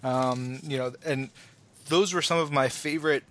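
A man's voice: medium pitch, fairly even intonation, moderate pace, a bit bright. A man co-hosting a podcast in casual chat, enthusiastic and rambling with many fillers. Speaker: podcast co-host.

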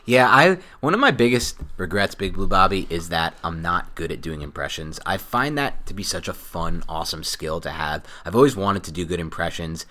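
Male podcast co-host, deep nasal voice, casual and talkative, explains things at length. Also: animated, normal speed, few pauses, pushed and bright. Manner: chatty, explains at length, teasing laughs.

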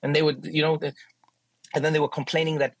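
South African man, husky, dry close sound, animated guest storyteller. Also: on the high side, fast, no room sound, rough recording. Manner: animated, acts out quoted voices. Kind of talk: casual interview storytelling.

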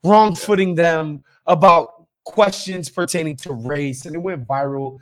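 A man's voice: on the high side, measured pace, a bit bright. A man hosting a podcast, ranting in casual, profane, emphatic talk. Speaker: podcast host. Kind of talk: casual opinionated chat.

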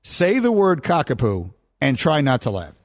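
A medium-pitched man speaks at a moderate pace while hosting a sports radio show at a studio mic. He tells stories in casual banter, animated as he goes, and keeps breaking into laughter at himself.

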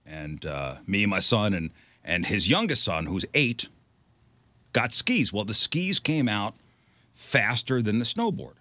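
A man recounts a story in a loose podcast chat, acting out every quote. His voice is bright and forceful and swings widely in pitch. The sound is dry and close. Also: a little slow, no echo. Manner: animated storyteller, acts out quotes. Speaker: podcast co-host.

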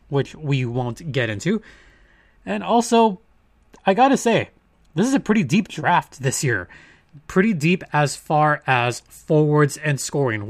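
A man's voice: a little high, dry recording, clean studio sound. A man hosting a sports podcast in a casual, chatty monologue with playful asides and emphatic points. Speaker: podcast host.

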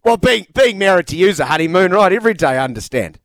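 A man's voice: high-pitched, lively intonation, fast talker, fairly bright tone, no room sound, low-quality recording. A man hosting a sports podcast, chatty and friendly, often hedging as he asks his questions. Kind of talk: casual interview.

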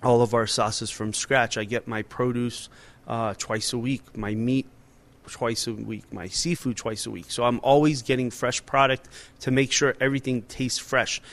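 A man in his forties speaks in a mid-range, slightly bright voice with flat delivery at a normal speed. He's a restaurant owner and chef, talking casually and animatedly in an interview with lots of fillers and restarts.

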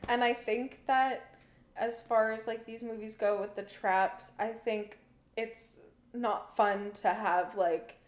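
A woman's voice: on the high side, steady tone, slow, reverberant. A woman co-hosting a casual movie review podcast, chatty and easygoing, with lots of "like" in her speech. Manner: chatty, laughs easily, says "like" often. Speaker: podcast co-host.

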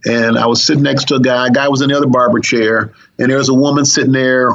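A middle-aged police officer tells a long story in an interview, acting out the voices of its characters with big pitch jumps. His voice is steady, quick and a bit bright, captured on a dull lo-fi recording.

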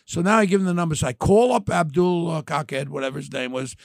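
An older man, hosting a podcast and telling crime stories in an animated, brash way. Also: on the high side, quick pace, gravelly, dry recording, clean studio sound. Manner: animated, brash storytelling, acts out quotes. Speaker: podcast host. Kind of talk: storytelling chat.

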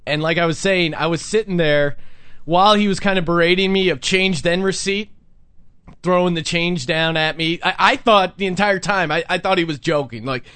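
A young man with a high voice tells a story on his podcast, chatty and animated, slipping into the voices of the people he quotes. The sound is close and dry, with no room around it. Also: normal speed, smooth, dry recording. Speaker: podcast host. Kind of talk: casual storytelling chat.

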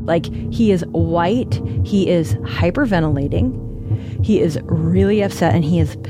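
A woman's voice: on the low side, unhurried, music in the background. Woman candidly telling a personal story. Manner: candid, conversational, reenacts dialogue. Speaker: guest storyteller.

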